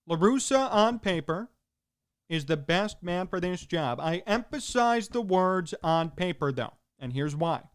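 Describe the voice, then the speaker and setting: A man's voice: high-pitched, clear, resonant tone. A man hosting a sports talk show, delivering an emphatic opinion monologue in punchy, repeated short sentences.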